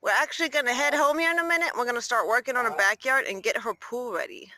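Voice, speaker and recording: A woman's voice: quick pace, no room sound. A woman vlogging outdoors with her pet goose, filming on a phone, talking casually to viewers and coaxing the bird along. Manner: high excited cheering and coaxing. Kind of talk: casual vlog talk to a pet. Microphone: phone held while walking.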